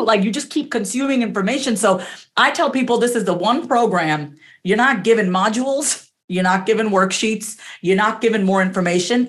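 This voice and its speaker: Candid, emphatic woman coach. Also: mid-range voice. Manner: candid, emphatic, curses freely; acts out her own inner voice in quotes. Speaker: podcast guest, coach. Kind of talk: casual interview talk.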